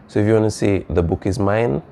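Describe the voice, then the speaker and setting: A man's voice: on the low side, a little fast, gravelly, warm tone, slight background noise. A man teaching a Spanish lesson, explaining casually with frequent fillers and "all right?" checks. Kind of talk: recorded classroom lesson.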